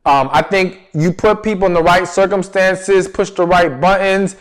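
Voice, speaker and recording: A man's voice: sits high, fairly even intonation, moderate pace. A man giving relationship advice as a coach, talking straight to his viewers, stressing key words and answering his own questions. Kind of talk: direct-to-camera advice talk.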